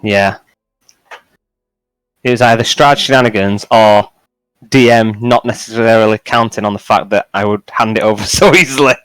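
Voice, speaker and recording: A man's voice: on the low side, normal speed, pauses often, a bit bright, clean tone, no room sound. A man chatting casually as a player in an online tabletop game, laughing easily.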